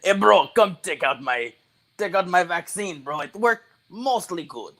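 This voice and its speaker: A man putting on a deliberately bad Russian accent to voice a cocky, shady hustler selling a vaccine. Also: expressive, fairly bright tone, heavily acted. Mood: boastful. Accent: put-on Russian accent. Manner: swaggering and sales-pitchy.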